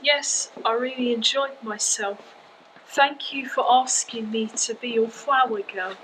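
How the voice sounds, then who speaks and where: A woman's voice: a little high, fairly even intonation, measured pace, a bit bright, a little hiss or hum, rough recording. An amateur actress playing a sweet, polite flower girl. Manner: polite, eager. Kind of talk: amateur stage acting.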